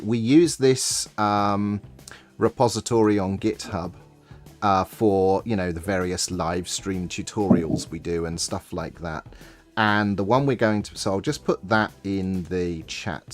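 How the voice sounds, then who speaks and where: A man's voice: low-pitched, fairly even intonation, faint music behind. A man co-hosting a livestream, talking in a casual, easygoing way. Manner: unhurried, easygoing, chuckling. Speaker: co-host of a developer livestream.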